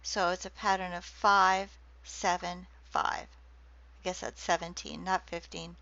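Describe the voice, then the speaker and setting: Woman lecturer, slow measured delivery, dull lo-fi recording. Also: on the low side, level tone, bright, forceful tone. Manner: slow, deliberate, reads quoted verse slowly.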